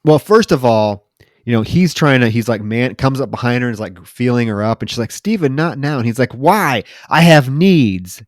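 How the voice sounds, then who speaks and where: A podcast co-host casually recaps a film, retelling scenes, acting out lines, and using lots of fillers. His medium-pitched voice is fairly quick and a little mellow, with no room sound.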